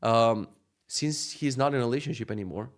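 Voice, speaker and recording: Guy in his 30s ranting fast on his vlog, swears a lot, acts out what people said. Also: medium pitch. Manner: fast, animated, profane storytelling with acted-out quotes. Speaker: vlogger. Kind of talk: casual storytelling vlog.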